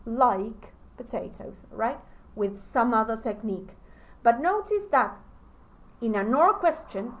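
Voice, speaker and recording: Slow, deliberate lecturing woman. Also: a little high, low-quality recording. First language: Spanish. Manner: slow, deliberate, with pauses between phrases. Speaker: teacher trainer. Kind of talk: recorded lecture.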